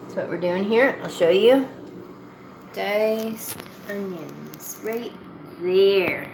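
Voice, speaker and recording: A woman from Nova Scotia, Canada, with a mid-range, creaky voice talks extremely slowly. She's a cooking vlogger chatting casually in a rambling, folksy, self-mocking way while cooking in her home kitchen. The echoey room carries pots, dishes and general kitchen clatter.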